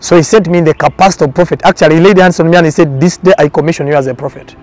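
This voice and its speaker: A man's voice: fairly high pitch, steady tone, racing, darkish tone. A man speaking as a prophet in a documentary interview, giving testimony in an earnest, repetitive preaching cadence.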